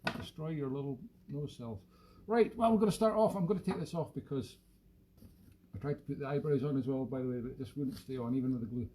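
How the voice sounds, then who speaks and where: A man's voice: medium pitch, fast, dark tone, slight background noise, natural voice, rough recording. A man playing a rambling, self-mocking male whisky expert in a comic live stream, slipping into a put-on Irish-sounding lilt. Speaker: host.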